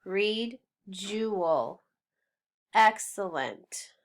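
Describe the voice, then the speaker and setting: A woman teaching a phonics lesson, sounding out words slowly and deliberately. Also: medium pitch, animated.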